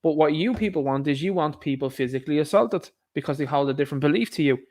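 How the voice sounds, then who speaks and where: An Irish man rants through news headlines in an indignant, sarcastic vlog commentary. His voice sits a little high for a man, and he keeps calling out to his viewers as lads. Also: fast talker, darkish tone. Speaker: vlogger, commentator.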